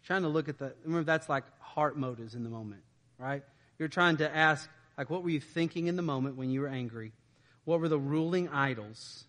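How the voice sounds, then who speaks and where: A man's voice: on the high side, brisk, a bit bright, in a large hall. A man preaching a conversational sermon, informal and often checking in with "right?". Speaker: pastor.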